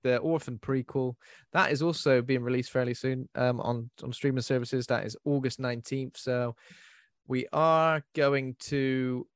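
A man's voice: mid-range voice, steady tone, measured pace, no echo. Guy hosting a podcast, rambly, lots of ums, dry close mic. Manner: rambling, many restarts and fillers. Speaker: podcast host. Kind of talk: casual chat.

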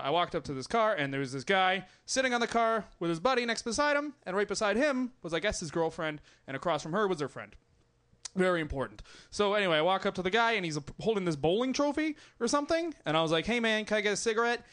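A man's voice: high-pitched, expressive, quick pace, fairly bright tone, smooth. A young man doing stand-up comedy on a club stage, chatting with the crowd and laughing between jokes.

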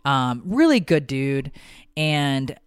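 A woman's voice: a bass voice, takes it slowly, smooth, no room sound, studio quality. A woman in her thirties, co-hosting a podcast, tells a story casually and with feeling, swearing freely as she goes. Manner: emotional, swearing, animated retelling. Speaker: podcast co-host.

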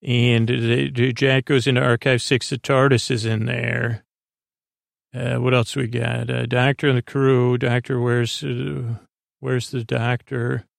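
A man casually recapping a story as a podcast host, halting and rambling with many filler sounds. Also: mid-range voice, level tone, vocal fry, no echo, clean studio sound.

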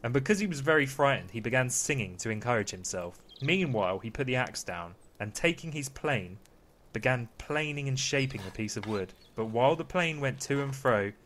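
Brief: young male host, mid-pitched, doing a jokey bedtime read-along, gentle and teasing. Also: lively intonation, a little fast, a little hiss or hum. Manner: mock-soothing, playful storyteller voice. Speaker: podcast host reading aloud. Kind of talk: comic bedtime-story reading.

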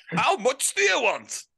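A man's voice: very high voice, huge pitch swings, slow pace, vocal fry, bright, forceful tone, husky, pitched above the performer's own voice, heavily acted. A man putting on a bluff older male football manager with a Yorkshire accent. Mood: jovial.

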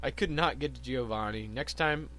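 A man's voice: medium pitch, normal speed, sharp tone, a little hiss or hum. A young man co-hosting a casual podcast, joking and laughing often. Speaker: podcast co-host. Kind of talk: casual chat.

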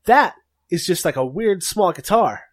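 A man's voice: sits high, animated, unhurried, voice pushed up. A man voicing a blunt, curious orc girl of about eleven, as game master of a tabletop game. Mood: puzzled.

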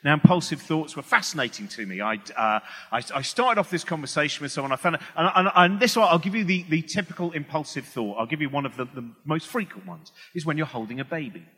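A middle-aged comedian talks to an audience in a big hall, and his voice trails off into a long reverb. His tone is bright and a little sharp, set slightly high for a man. He wanders, restarts his sentences and slips into other people's voices. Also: animated, fast, husky. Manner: rambling, self-interrupting, acts out quoted voices. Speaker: comedian giving a talk. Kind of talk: stand-up style public talk.

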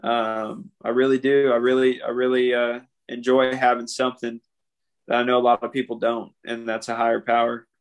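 A young man guesting on a podcast speaks candidly and earnestly about something painful, frequently calling people "man." His voice is mid-range and clean, with a level tone and a normal speed, and he sounds emotional.

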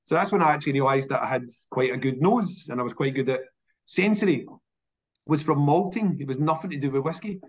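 A Scottish man talks in a relaxed interview. He tells stories with energy and often repeats a word as he restarts a sentence. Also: a little high, fast talker. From Scotland. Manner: animated, repeats words when restarting. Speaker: whisky industry guest. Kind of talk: casual interview storytelling.

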